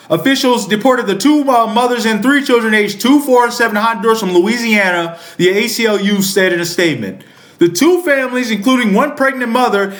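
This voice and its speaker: Furious, profane man ranting, high voice. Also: a bit bright, roomy sound. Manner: reads news aloud with interjections. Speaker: political commentator. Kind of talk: angry political rant.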